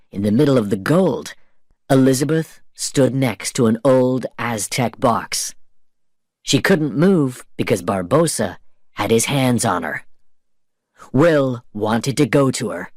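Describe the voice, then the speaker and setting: A man narrating a simple story for English learners at a very slow, careful pace. His delivery is clear and lively, with a wide rise and fall in pitch. The recording is dry and close. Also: no room sound.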